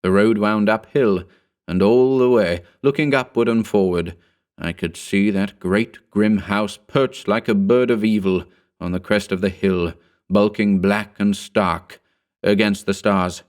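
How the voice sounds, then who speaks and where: A man narrating a horror story slowly and broodingly. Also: on the low side, a little mellow, clear, resonant tone. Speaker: audiobook narrator.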